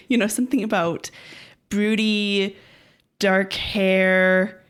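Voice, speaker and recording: A woman co-hosting a podcast in casual chat, talkative and quick to laugh. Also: medium pitch, flat delivery, clear, resonant tone. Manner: chatty, laughs often, loose fillers. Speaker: podcast co-host.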